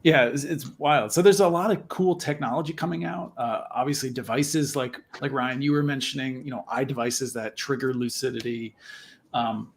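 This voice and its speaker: A man speaking with eager energy, explaining as he goes. His voice is mid-pitched and plain. He talks in a casual chat style. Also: fairly even intonation, moderate pace. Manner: enthusiastic, explanatory. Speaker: guest.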